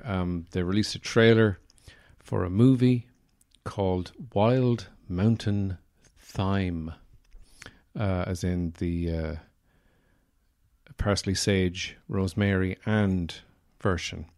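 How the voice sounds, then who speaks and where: Irish male podcast host, lowish voice, casual rambling delivery, filler-heavy, dry self-mocking humor. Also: fairly even intonation, takes it slowly, darkish tone. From Ireland. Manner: rambling and digressive, many "uh" fillers; wry, self-deprecating humor. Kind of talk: casual solo podcast talk.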